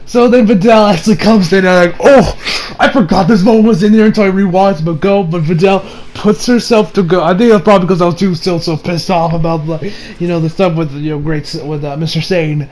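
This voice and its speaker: A man with a high-pitched voice talks through an anime episode in loose, casual review style. He swears freely and drops into exaggerated character voices, jumping between hushed asides and loud, laughing bursts. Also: brisk. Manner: animated, acts out characters with big voice swings and frequent laughter; swears freely, many fillers.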